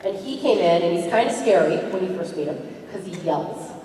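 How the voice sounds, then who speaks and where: Lively woman in an echoing hall. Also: on the low side, brisk, slight background noise. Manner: lively, laughing, playful. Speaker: actress on a convention panel. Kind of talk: panel storytelling. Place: convention hall. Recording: echoey hall, distant, crowd behind.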